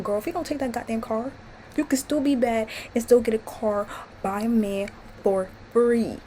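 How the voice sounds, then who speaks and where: A woman vlogger ranting casually to camera at home, animated, swearing and exasperated. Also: on the high side, moderate pace, slight background noise, poor audio. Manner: animated, profane, exasperated, laughing often. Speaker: vlogger ranting about a TV series.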